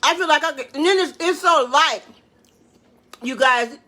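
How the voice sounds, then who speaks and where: A woman, chatting excitedly to viewers while cooking in her home kitchen. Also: sits high, normal speed. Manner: excitable, exclaims with food, talks to viewers as y'all and baby. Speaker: home cook hosting a live cooking stream. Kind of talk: casual live cooking chat.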